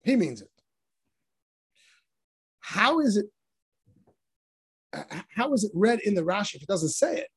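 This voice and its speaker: Husky-voiced man teaching with emphasis. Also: high voice, sing-song, unhurried, pauses often. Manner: emphatic, rhetorical questions, voice rising on quotes. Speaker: Torah teacher. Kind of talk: text study lecture.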